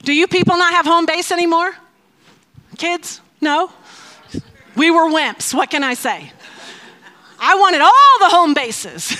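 Woman preacher, high bright voice, slow deliberate sermon, laughs often between points. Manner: laughs often, playful asides. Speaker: speaker teaching a faith message.

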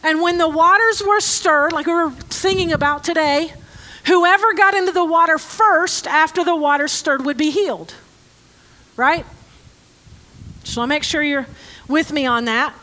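A woman preaching a conversational sermon to a live congregation with children present. She reads scripture slowly and deliberately, then breaks in with joking, sarcastic asides. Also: sits high, pushed and bright. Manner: slow, deliberate scripture reading. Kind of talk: conversational sermon with Bible reading.

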